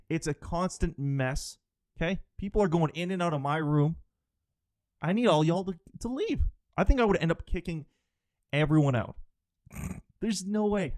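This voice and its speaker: A man's voice: fairly high pitch, darkish tone, no room sound, clean studio sound. A young man hosting his own podcast, a stand-up comic ranting loosely and jokingly, swearing and calling the listener dude and bro. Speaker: podcast host and stand-up comedian. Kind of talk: casual solo podcast rant.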